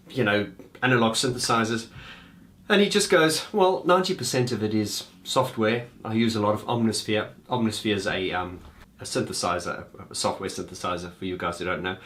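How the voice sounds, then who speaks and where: A fairly low-pitched, fairly bright male voice belongs to a music video host who talks off the cuff to his viewers. He rambles with fillers and false starts as though chatting with a friend, calling his audience "guys."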